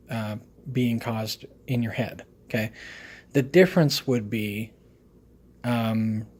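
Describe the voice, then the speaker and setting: A man talking straight to camera in a casual video review. He lectures emphatically, pressing his points home and tagging them with a questioning "okay?" His pitch sits right in the middle for a man. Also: a little mellow. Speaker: product reviewer.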